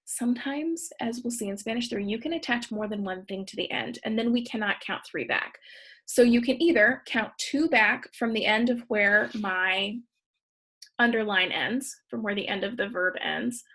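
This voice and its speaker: A woman's voice: a little high, moderate pace, bright, forceful tone, husky. A woman, a Spanish teacher, explaining grammar patiently step by step in a recorded slideshow lesson.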